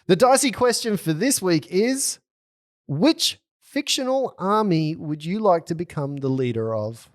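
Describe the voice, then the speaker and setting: A man's voice: high voice, expressive, a little slow. A man hosting a tabletop game podcast, opening with a playful, theatrical intro and then chatting casually with his players. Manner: theatrical, jokey, sing-song delivery. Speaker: podcast host and game master.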